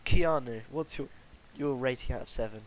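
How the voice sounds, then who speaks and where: A man's voice: mid-range voice, moderate pace. Young guy hosting a podcast, rambly, laughs a lot, faint hiss on the mic. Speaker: podcast host. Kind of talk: casual chat.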